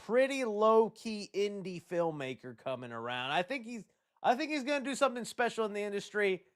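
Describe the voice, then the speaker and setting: Brief: young male stream host, high and animated voice, jokey casual chat. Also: a little fast, smooth. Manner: animated and joking, reads chat aloud.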